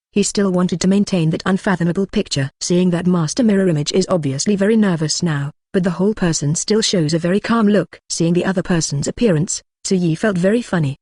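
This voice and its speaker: A synthetic narrator voice reading a translated novel as an audiobook, in a flat, even delivery. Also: medium pitch, dry recording.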